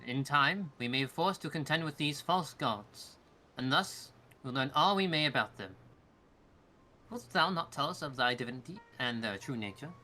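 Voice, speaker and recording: A man's voice: mid-range voice, lively intonation, pushed and bright, faint music behind. A man reading a formal archaic-speaking adventurer. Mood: solemn. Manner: old-fashioned thee-and-thou phrasing, measured. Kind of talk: fan voice acting of game dialogue.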